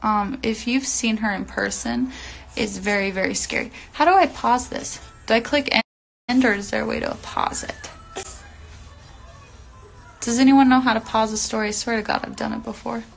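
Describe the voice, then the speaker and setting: A woman's voice: a little high, moderate pace, creaky, soft background music, low-quality recording. A young woman telling a long story on a phone livestream, rambling with lots of fillers and casual swearing. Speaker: reality TV personality on a livestream.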